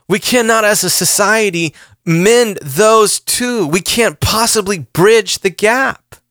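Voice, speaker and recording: A man's voice: high-pitched, pushed and bright, dry recording, studio quality. A pastor in his forties delivering an impassioned sermon, earnest and repeating phrases for emphasis. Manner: earnest, repeats himself, rising emphasis on questions.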